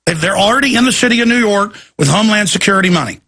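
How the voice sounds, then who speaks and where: A man hosting a talk show, delivering a heated, sarcastic political rant that often breaks into shouting. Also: sits high, animated, racing, slightly rough.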